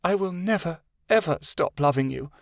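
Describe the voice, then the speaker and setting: A woman's voice: fairly low pitch, expressive, normal speed, no echo, voice pushed up. A proud witch queen from a fantasy audiobook, betrayed and venomous, her icy lines hissed out. A male narrator voices her in a raised register, recorded dry and close. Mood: tender. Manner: icy, hissing.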